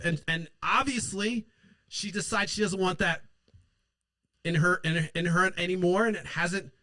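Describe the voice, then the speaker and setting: In a high, sharp voice without any room sound, a man hosting a political show rants with anger and sarcasm. He swears constantly and ridicules opponents by mimicking them.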